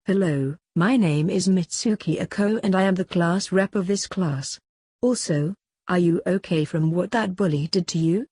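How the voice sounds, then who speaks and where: A woman voicing a kind, polite teenage girl who is class rep, in a husky voice for an amateur audiobook. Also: lowish voice, normal speed, no room sound, studio quality. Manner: polite, gentle.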